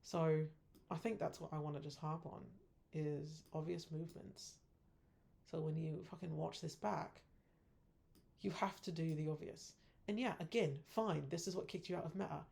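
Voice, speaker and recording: A woman's voice: sits low, steady tone, moderate pace, gravelly, a little mellow. A woman trader going over her own week of trades, scolding herself bluntly in a frustrated tone and swearing casually. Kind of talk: casual weekly trade review.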